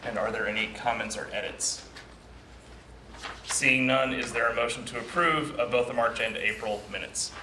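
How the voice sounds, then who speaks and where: A man's voice: mid-range voice, moderate pace. A man chairing a board meeting, easygoing and a little apologetic as he runs through procedure. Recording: echoey room with clear background noise.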